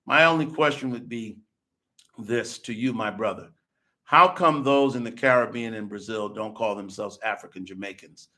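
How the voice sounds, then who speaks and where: An American podcast host lectures and argues back at viewer comments, leaning on rhetorical questions, restarting sentences, repeating himself and tossing in "okay?" again and again. His voice sits lowish, pushed and bright, at a normal speed.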